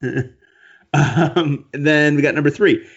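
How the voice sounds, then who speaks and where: A man's voice: a little high, slow pace, slightly rough, lo-fi sound. A man hosting a casual college football podcast and reading out listener questions, playful and teasing. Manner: playful, teasing, laughs often. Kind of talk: casual sports podcast chat.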